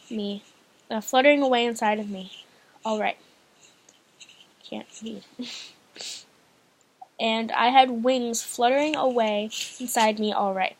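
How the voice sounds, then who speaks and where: Her voice is gravelly and a little high as she reads a novel aloud for her channel. The reading is casual and halting, full of fillers, stumbles and restarted lines.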